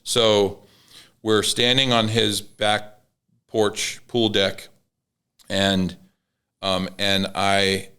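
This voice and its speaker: A man's voice: fairly low pitch, flat delivery, very slow, long pauses, pushed and bright, smooth. A man in casual conversation, telling an emotional story with many restarts. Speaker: podcast guest.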